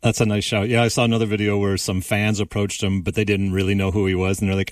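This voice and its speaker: Laughing male host, low and distant. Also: flat delivery, fast talker, few pauses, no echo, studio quality. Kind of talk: casual sports chat.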